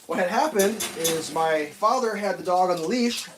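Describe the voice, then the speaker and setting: A man's voice: high voice, moderate pace, noisy background. A man chatting casually while cooking breakfast at home, rambling through stories and laughing at them.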